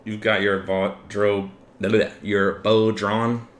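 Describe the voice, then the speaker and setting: A man with a fairly low voice narrates a tabletop game as its game master, taking his time and filling gaps with ums and uhs. He is recorded in an echoey room with a faint hiss of ambient noise behind him. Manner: relaxed, unhurried narration with fillers.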